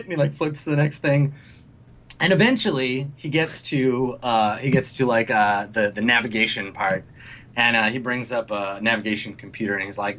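A man's voice: medium pitch, steady tone, moderate pace, bright, forceful tone. A man narrating as game master in a rambling, filler-heavy way.

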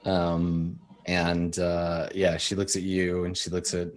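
Low-voiced man, a halting game master. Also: monotone. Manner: halting narration full of ums and uhs. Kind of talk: narrating a tabletop game.

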